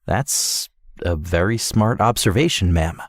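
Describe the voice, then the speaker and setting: A man voicing a stern bodyguard in an animated story, speaking firm, low and curt. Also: a little slow, no echo, studio quality. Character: stern, terse male bodyguard.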